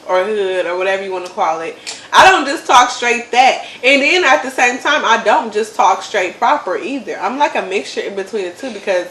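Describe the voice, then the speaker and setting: A woman's voice: mid-range voice, reverberant, slight background noise, low-quality recording. A woman in her thirties, hosting a casual chat and laughing often as she repeats words. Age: 30s. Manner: animated, laughing, repeats words to test them. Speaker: mother and channel host.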